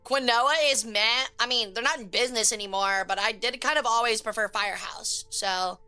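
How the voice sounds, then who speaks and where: Bright, crisp-voiced woman streamer. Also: on the high side, moderate pace. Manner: chaotic, crude joking with chat. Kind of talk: casual live-stream chat.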